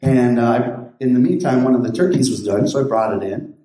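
A pastor with a medium-pitched, dark-toned voice tells stories at a brisk clip, rambling in a folksy way and restarting often. It's casual storytelling, recorded in a very echoey room.

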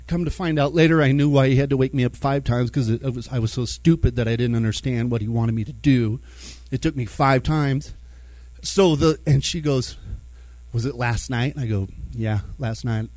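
A man telling a personal faith story, animated, acting out his own thoughts and the words of others. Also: medium pitch, no echo. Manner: animated, acts out his own inner dialogue.

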